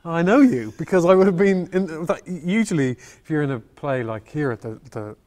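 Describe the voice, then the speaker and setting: A man, an actor as interview guest, telling stories in a halting, thoughtful way and often circling back on his words. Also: on the high side, expressive, darkish tone. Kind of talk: Q&A interview, reflective storytelling.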